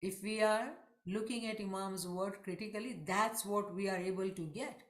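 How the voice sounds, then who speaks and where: A woman's voice: mid-range voice, fairly even intonation, moderate pace. Earnest woman teaching, echoey room. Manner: earnest, emphatic, asks rhetorical questions. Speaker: religious teacher. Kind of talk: online religious lesson.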